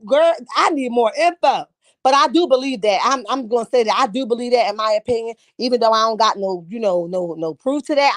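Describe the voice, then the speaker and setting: Reading out what viewers type in the chat, this woman reacts sassily while hosting a laid-back livestream. Her pitch is medium, and the recording is dry.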